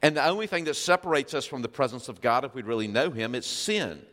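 A man's voice: mid-range voice, animated, fast, fairly bright tone, big-room sound. A male pastor preaching a sermon, reading scripture and asking the congregation questions with emphasis.

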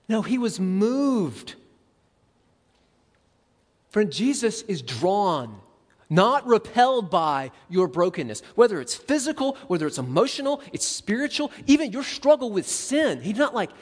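A man preaching a sermon as a pastor, conversational and animated, acting out quick asides. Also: high voice, big-room sound.

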